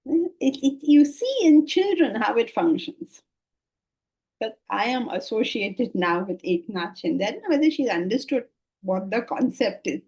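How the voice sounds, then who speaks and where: An older woman with an Indian English accent giving a spiritual lecture on scripture, lively and full of rhetorical questions and laughter. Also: a little high, measured pace, breathy edge, poor audio. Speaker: Vedanta teacher.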